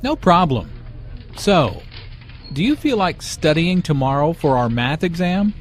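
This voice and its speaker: A man's voice: a little high, very animated, measured pace. A man voicing a friendly student in a scripted learning dialogue. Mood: relaxed. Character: young male student chatting with a classmate.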